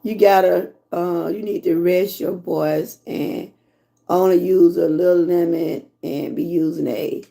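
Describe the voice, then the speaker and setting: A hoarse woman from Georgia with a Southern accent, chatting casually with her livestream viewers and reading their comments. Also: fairly low pitch, steady tone, mellow. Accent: Southern American. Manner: chatty, drawn-out, talks to viewers as y'all. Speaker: livestream host.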